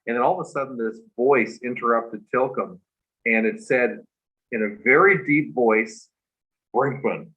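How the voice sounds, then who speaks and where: A man, a guest on a livestream talk show, telling a personal story in a halting, earnest way with many restarts, over a video call. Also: medium pitch. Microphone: remote video call. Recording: muffled livestream audio.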